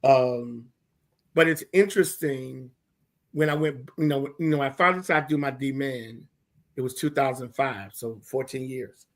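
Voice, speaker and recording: An older man who is dean of a theology school, telling stories to graduating students in an emphatic, animated and humorous way. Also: mid-range voice, moderate pace. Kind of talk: conversational remarks to graduates.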